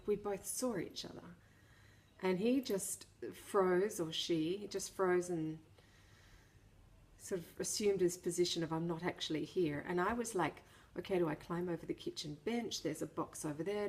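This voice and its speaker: A middle-aged woman chatting casually to camera, telling a personal story with a self-deprecating, laughing manner and frequent restarts. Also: fairly low pitch. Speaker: vlogger.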